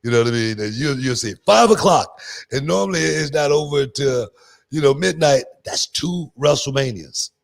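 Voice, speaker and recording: A man's voice: medium pitch, lively intonation, moderate pace, gravelly. Laid-back drawling man. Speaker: podcast host. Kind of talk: casual chat.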